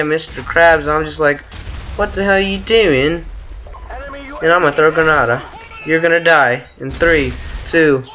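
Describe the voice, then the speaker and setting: A man's voice: fairly high pitch, slight background noise. A young man giving casual gameplay commentary, muttering and cursing at the game as he plays. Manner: excitable, mutters and curses at the game. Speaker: gaming channel host. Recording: faint gunfire game audio behind.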